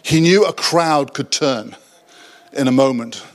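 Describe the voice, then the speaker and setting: A man preaching in a relaxed, conversational way, full of self-deprecating asides, with frequent halting restarts. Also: mid-range voice. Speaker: pastor. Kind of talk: sermon. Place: church hall.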